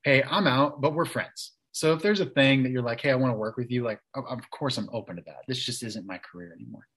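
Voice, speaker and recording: A man's voice: mid-range voice, fast talker, a bit bright, husky, rough recording. Chatty man telling a story. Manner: chatty, many restarts and "like" fillers. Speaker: interview guest. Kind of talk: casual storytelling.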